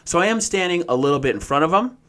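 A man's voice: a little high, lively intonation, fast, fairly bright tone. A man in his thirties telling a rambling story in casual chat, laughing often and swearing freely.

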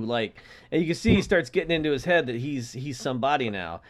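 A man co-hosting a podcast, telling a story in casual chat and acting out the characters' lines with lively voices. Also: fairly high pitch, brisk, hardly any pauses. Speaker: podcast co-host.

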